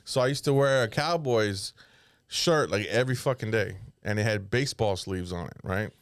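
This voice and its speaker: A man's voice: on the low side, moderate pace, no room sound, studio quality. Profane laughing man telling stories. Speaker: podcast co-host. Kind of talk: casual comedy podcast chat.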